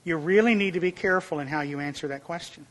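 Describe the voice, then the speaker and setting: High-voiced man preaching a sermon. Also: quick pace, fairly bright tone. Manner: earnest, emphatic, rises in pitch and volume for illustrations.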